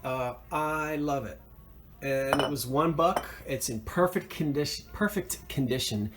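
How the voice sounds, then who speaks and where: A man's voice: fairly high pitch, slight background noise. A man hosting a thrift haul video, talking casually and enthusiastically about his finds, rambling with plenty of fillers and self-corrections. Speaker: thrift reseller vlog host. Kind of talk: casual show-and-tell chat.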